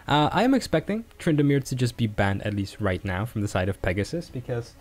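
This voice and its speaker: A man's voice: medium pitch, lively intonation, brisk, a little mellow. A man casting an esports match, breaking down picks and teasing his co-caster.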